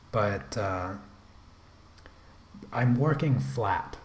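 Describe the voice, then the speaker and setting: A man, the artist and host of his channel, giving relaxed running commentary while he draws. He rambles to himself, trips over restarts and drops self-deprecating asides, as if at his desk at home. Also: on the low side, slow, long pauses. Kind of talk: casual running commentary while drawing on a livestream.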